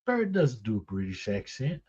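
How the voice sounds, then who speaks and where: A man's voice: on the low side, wildly swooping pitch, normal speed, darkish tone, lo-fi sound, slight background noise. A man co-hosting a radio show, laid-back and wry, laughing easily in casual on-air chat. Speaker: radio co-host.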